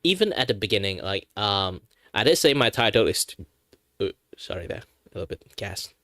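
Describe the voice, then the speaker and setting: A man's voice: on the low side, big pitch swings, fairly quick, sharp tone, no room sound. A young man chatting casually on a stream in a rambling way, with a dry throat. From Malaysia. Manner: rambling, with many fillers and restarts. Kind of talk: casual chat.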